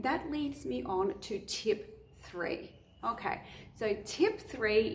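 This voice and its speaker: A woman teaching, a native English speaker, giving exam speaking tips in an emphatic, expressive way. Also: medium pitch, reverberant, a little hiss or hum. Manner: expressive, emphatic, demonstrates speech patterns. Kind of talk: spoken exam tips lesson.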